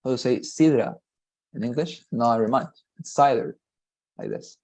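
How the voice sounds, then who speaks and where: A man teaches an English lesson, going through the grammar one step at a time. His voice is dark and mellow, and he keeps asking "right?" to check his students are following. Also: mid-range voice, wildly swooping pitch, fairly quick, vocal fry. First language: Spanish. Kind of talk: online class explanation.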